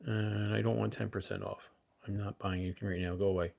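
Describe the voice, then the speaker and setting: A man's voice: lowish voice, level tone, fast talker, creaky, darkish tone. A man in his fifties hosting a casual livestream, rambling and chatting with viewers. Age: 50s. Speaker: livestream host.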